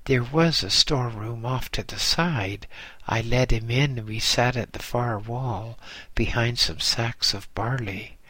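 Slow, husky male storyteller. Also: medium pitch, sharp tone, dry recording. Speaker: narrator. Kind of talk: first-person audiobook narration.

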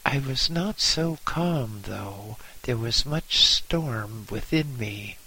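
A man telling a first-person story as an audiobook narrator, dramatic and at times almost whispering. His voice is bright and breathy. He reads at a slow, deliberate pace. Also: medium pitch, animated, low-quality recording. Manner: dramatic, with some whispered passages.

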